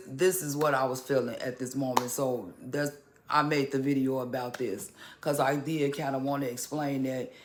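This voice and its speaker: A man talking casually to camera in a vlog, halting and restarting, with occasional stutters. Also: medium pitch, a little hiss or hum. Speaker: vlogger.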